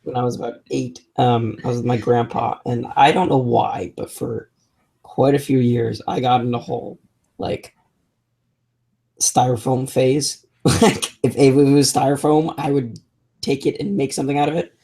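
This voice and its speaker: A man's voice: mid-range voice, level tone, normal speed, vocal fry, dark tone. A young adult man co-hosting a maker podcast, telling rambling stories in casual chat with many restarts. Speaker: podcast co-host.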